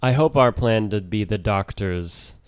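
A man's voice: on the low side, animated, a little slow, clean tone, no echo. A man co-hosting a casual podcast, reading sponsor lines and joking with guests. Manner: playful, reads sponsor lines. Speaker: podcast co-host. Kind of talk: casual chat.

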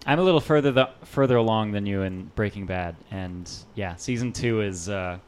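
Male podcast guest, resonant smooth voice, hesitant casual chat. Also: fairly low pitch, moderate pace.

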